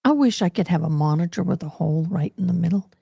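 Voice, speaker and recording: A woman's voice: fairly low pitch, animated, fast, vocal fry, mellow, husky, no echo. A woman hosting a casual livestream, talking in a chatty way close to her desk mic and repeating the courtroom testimony aloud. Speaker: livestream host. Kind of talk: casual commentary on a live court stream.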